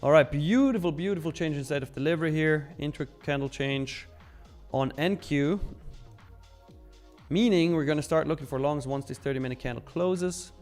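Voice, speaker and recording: A man's voice: fairly high pitch, moderate pace, darkish tone, faint music behind. A man hosting a live trading stream, talking casually and joking as he reads out chat messages.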